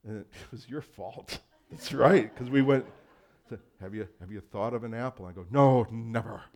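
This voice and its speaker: A man's voice: on the low side, moderate pace, a little mellow. A male pastor giving a conversational sermon, acting out quoted voices and laughing often.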